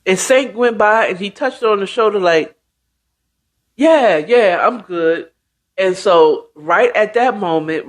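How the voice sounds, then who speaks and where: A woman's voice: medium pitch, fairly bright tone. A woman host casually retelling a book's plot in a chatty, slangy way, with asides to the listener. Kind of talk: casual storytelling recap.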